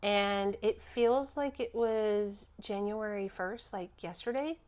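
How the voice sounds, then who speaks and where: Female guest healer, mid-pitched, animated and quick to laugh. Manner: animated, laughs often, earnest. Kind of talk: casual spiritual chat.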